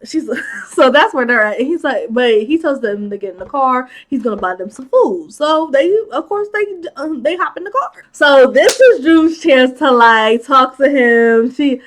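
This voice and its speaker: A woman hosting a casual movie recap. She talks in an animated, chatty way, laughs often and drops in many filler "like"s. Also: high voice, moderate pace. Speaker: movie commentary host.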